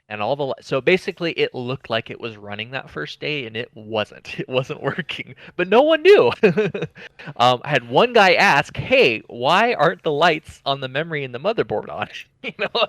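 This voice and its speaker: A man who is a guest on an online podcast, telling a story in a relaxed way, laughing and filling pauses over a voice call. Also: medium pitch, dry recording. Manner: relaxed, laughs, many fillers. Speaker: podcast guest, memory company rep. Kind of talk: casual storytelling chat.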